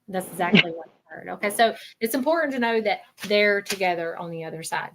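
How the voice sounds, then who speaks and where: A woman's voice: mid-range voice, brisk, hardly any pauses, noisy background. A woman working as a psychic medium, giving a live reading in a chatty way and checking in with 'okay?'.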